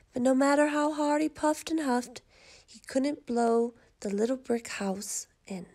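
High-voiced woman reading a children's story. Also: gravelly. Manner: measured, expressive reading.

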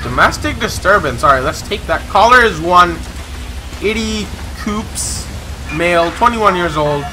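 An excitable young man gives let's-play commentary and slips into police radio role-play. His voice sits high and rings very bright. He rambles with plenty of fillers and shouts in surprise when the action turns. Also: a little hiss or hum, low-quality recording. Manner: excitable, exclaims loudly when startled; rambling, many filler pauses. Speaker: gaming channel host.

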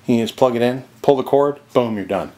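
A brisk, medium-pitched male voice leads the viewer around a creekside cabin. This real estate vlogger keeps things casual and enthusiastic while walking, switching to soft whispers when he's inside the log cabin.

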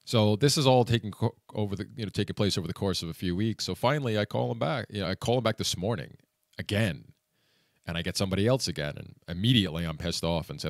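Deep-voiced man venting frustration. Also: quick pace, vocal fry, no room sound, clean studio sound. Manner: frustrated, venting, lots of "you know" fillers. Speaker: vlogger. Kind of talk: personal vlog storytelling.

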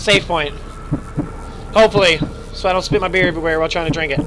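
A man doing casual let's play commentary, excitable, joking and swearing a lot. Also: on the high side, fast talker, background noise. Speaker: gamer.

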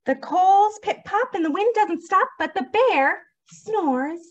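A young woman reads a picture book aloud at a library toddler storytime, her voice very high and lively, swooping up and down. She takes it slowly and sing-song, dropping to whispered shushes. The sound is dull and lo-fi. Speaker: children's librarian. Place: library program room.

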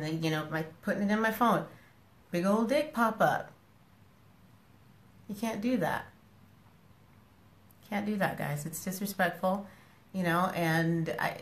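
Her mid-range voice echoing around the room, a woman on a live stream addresses her followers casually and frankly. The social media personality repeats herself and scolds them with affection.

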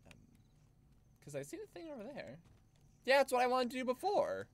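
Lively, excitable male game streamer. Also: very high voice, fairly quick, a little hiss or hum. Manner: excitable, profane, jokey. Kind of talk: casual gaming livestream commentary.

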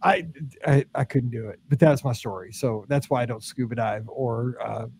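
A man hosting a podcast, telling a rambling, animated story in casual chat and laughing often. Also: mid-range voice, moderate pace, slight background noise. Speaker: podcast host.

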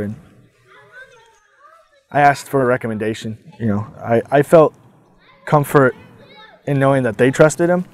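A man speaking as an abuse survivor, giving a personal testimony in a halting, hesitant way with frequent pauses and restarts. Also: medium pitch, darkish tone, no room sound. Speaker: abuse survivor telling his story.

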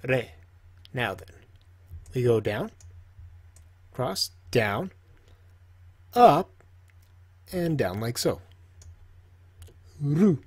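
A man's voice: medium pitch, breathy edge. A man casually teaching, joking and talking to himself while he draws. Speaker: language teacher. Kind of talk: casual tutorial while drawing.

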